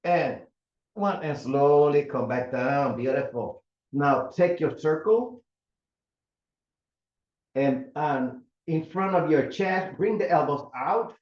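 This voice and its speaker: Older male fitness instructor, slow counted cues, roomy dull recording at home. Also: a little high. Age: 70s. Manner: counting reps slowly with calm cues. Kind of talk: guided mat exercise class.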